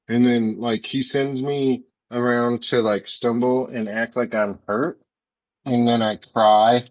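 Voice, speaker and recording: A man with an unhurried, earnest way of talking, rambling on naively as his tabletop character. The sound is dry and a little lo-fi, as if from a modest home mic. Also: medium pitch, dry recording. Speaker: player. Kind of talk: tabletop role-play, in character. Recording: dull lo-fi mic.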